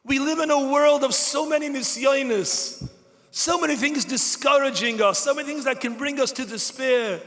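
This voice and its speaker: Rabbi, male, impassioned preaching with a high, bright voice in an echoing event hall. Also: normal speed. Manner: impassioned, building to shouted cries. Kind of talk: sermon at a large gathering. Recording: long hall reverb.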